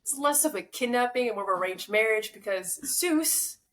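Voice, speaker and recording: A young woman co-hosting a podcast, retelling a myth in a relaxed, joking way. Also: a little high, a little fast. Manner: relaxed, joking, self-deprecating. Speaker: podcast co-host. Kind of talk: casual chat and myth retelling.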